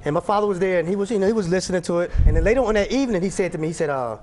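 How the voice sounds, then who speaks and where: A man's voice: sits high, a little mellow, slight background noise. A man hosting an interview, asking questions and telling stories in an emphatic, repetitive way. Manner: brisk, emphatic, repeats words. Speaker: host, apologist.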